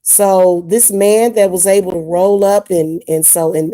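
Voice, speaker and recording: A woman's voice: fairly low pitch, slow pace, few pauses, mellow. A woman vlogger ranting casually to her viewers, blunt and indignant, often repeating herself. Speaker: spiritual advice vlogger. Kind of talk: casual ranting monologue to camera.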